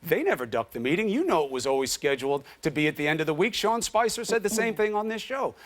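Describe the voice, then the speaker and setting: A man's voice: fairly high pitch, big pitch swings, fast. A middle-aged man from the United States, a TV news anchor, pressing his guest with persistent questions in a studio interview. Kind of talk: heated TV interview debate.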